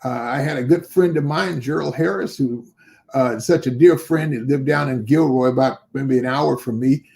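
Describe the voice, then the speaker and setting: This older man, who serves as a bishop and pastor, has a creaky, medium-pitched voice and a moderate pace. Telling a story in an interview, he animatedly acts out what the people in it said.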